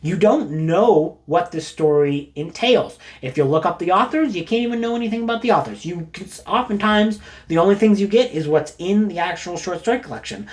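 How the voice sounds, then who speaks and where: A man's voice: sits high, brisk, few pauses. Rambling, jokey man reviewing books. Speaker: book reviewer. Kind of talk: casual book recommendation talk.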